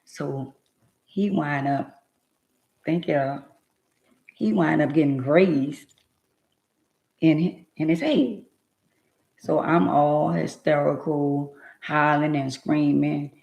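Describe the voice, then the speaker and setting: A woman's voice: low voice, steady tone, slow pace, gravelly, pauses often, darkish tone, echoey room, lo-fi sound. A woman telling her own life story to her viewers in an emphatic, rambling, casual way.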